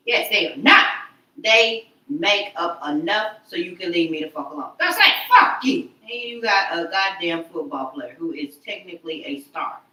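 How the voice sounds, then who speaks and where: A woman vlogger delivering an animated, profane, repetitive rant. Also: fairly low pitch. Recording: roomy sound, far from mic.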